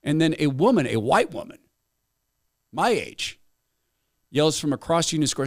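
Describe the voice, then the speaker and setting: A man's voice: fairly high pitch, measured pace, pauses often, no echo. A middle-aged male talk-show host telling a personal story with plenty of asides. His voice rises and falls a lot, and the mic sound is dry and close. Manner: animated, conversational, with asides. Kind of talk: storytelling commentary.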